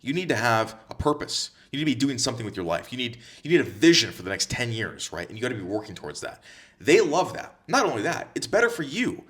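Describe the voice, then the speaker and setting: A man's voice: mid-range voice, sing-song, fast, fairly bright tone. A man coaching other men on dating, talking bluntly and with heavy swearing, repeating his points for emphasis. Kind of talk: direct-to-camera advice monologue.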